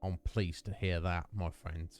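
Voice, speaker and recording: A man's voice: sits low, level tone, a little slow, faint music behind. A young man hosting a casual stream, rambling with lots of fillers and self-mocking asides. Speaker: livestream host. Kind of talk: casual chat with viewers.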